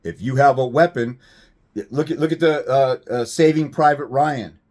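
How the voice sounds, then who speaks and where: A man's voice: mid-range voice, moderate pace, darkish tone. Blunt, profane man ranting to camera. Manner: emphatic, rhetorical questions. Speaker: fathers' rights advocate. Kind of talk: direct-to-camera rant.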